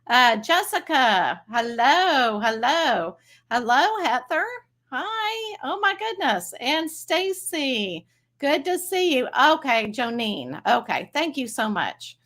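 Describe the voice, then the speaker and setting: A bubbly woman with a Texas accent chats casually to her livestream audience. Her voice sits a little high. She talks in a friendly, rambling way and laughs easily. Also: sing-song, takes it slowly, fairly bright tone. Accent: Texan. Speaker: psychic medium livestream host.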